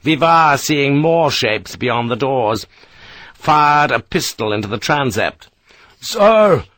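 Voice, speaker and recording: A man's voice: mid-range voice, slow pace, a bit bright. Man narrating a tense audiobook.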